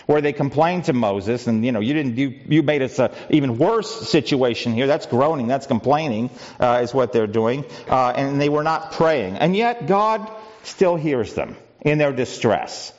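A man's voice: medium pitch, expressive, normal speed, hardly any pauses, darkish tone, lo-fi sound. A pastor preaching a conversational sermon, asking the congregation rhetorical questions and often restarting his sentences. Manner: frequent restarts and filler words.

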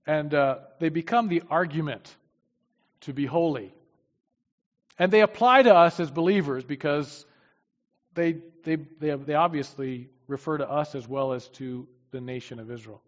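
A man preaching a sermon with emphasis, swinging from loud declarations to quiet asides. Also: on the high side, moderate pace. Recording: dull, long-reverb hall sound.

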